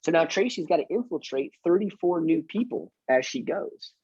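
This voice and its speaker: A man's voice: a little high, animated, moderate pace, a little mellow, husky, no echo, dull audio. A man who works in real estate, chatting casually and teaching, self-mocking and acting out his door-knocking lines. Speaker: real estate agent and trainer.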